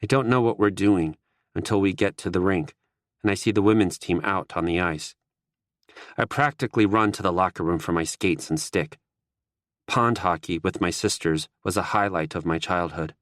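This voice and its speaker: A man narrating a first-person audiobook in a steady, wry manner. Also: deep voice, normal speed, dry recording, clean studio sound.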